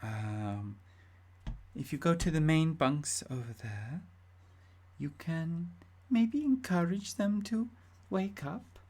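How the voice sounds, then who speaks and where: A woman doing a coaxing gremlin crew lady whose foreign accent wanders from one place to another. The voice sits noticeably higher than her own and comes out halting and full of little hesitations. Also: a little mellow, husky, full character voice. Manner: halting, raised pitch, hesitant fillers.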